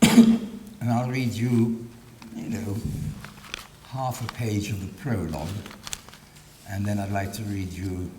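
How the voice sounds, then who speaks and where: A man giving a public lecture, hesitant with many pauses and fillers, adding dry wry asides. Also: steady tone, mellow, far from the mic. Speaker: guest lecturer. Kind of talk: public lecture with read-aloud excerpts. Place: large lecture hall. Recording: echoey lecture hall, faint rumble.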